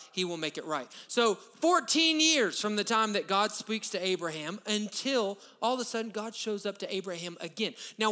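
A man, preaching a sermon as pastor, conversational and then loud and emphatic. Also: high-pitched. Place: church sanctuary. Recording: long reverb of a church hall.

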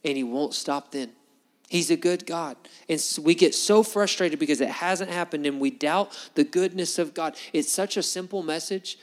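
A man's voice: on the high side, big-room sound. Conversational preaching man, drawl. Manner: conversational, rhetorical questions, animated delivery. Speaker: pastor. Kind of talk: sermon. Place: church hall before a congregation.

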